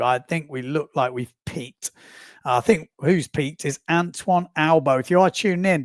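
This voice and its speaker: A man in his forties hosts a live watch-along, talking in a loose, rambling and self-amused way. His voice sits a little high with a gravelly edge. The sound is dry and close, with no room around it. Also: no room sound. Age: 40s. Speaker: livestream host. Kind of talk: casual live commentary.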